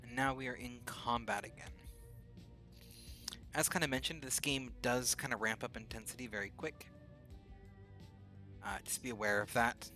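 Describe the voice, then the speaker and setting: A man's voice: mid-range voice, steady tone, normal speed, long pauses, bright, forceful tone, soft background music. A man streaming a video game late at night, casually thinking aloud about his moves. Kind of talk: casual gameplay commentary.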